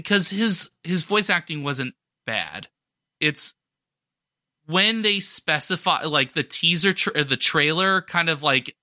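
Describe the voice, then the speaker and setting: A man's voice: fairly high pitch, sharp tone, dry recording, studio quality. A man cohosting a podcast, chatting enthusiastically about a movie and often restarting his sentences. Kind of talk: casual chat.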